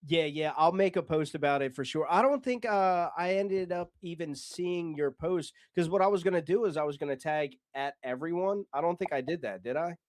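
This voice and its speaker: An American man co-hosting a podcast, joking around in crude, casual banter. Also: on the high side. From United States. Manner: joking, crude, drawn-out delivery. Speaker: podcast host.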